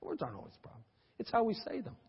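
A middle-aged man preaching a sermon, folksy and animated, with teasing asides to the congregation. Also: high-pitched, rapid-fire, breathy edge. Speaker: pastor. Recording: dull, lo-fi audio with long church-hall reverb.

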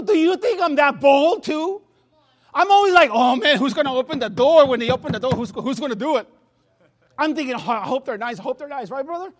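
High-voiced Spanish-accented man preaching. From Latin America. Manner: repeats words and restarts, laughs at himself, storytelling. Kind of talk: sermon. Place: church sanctuary.

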